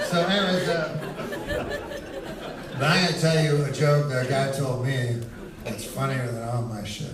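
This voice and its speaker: A man's voice: mid-range voice, normal speed, very noisy. A man doing a stand-up set, telling stories in a rambling, profane way. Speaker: stand-up comedian. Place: comedy club stage. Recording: roomy, distant live club recording with crowd.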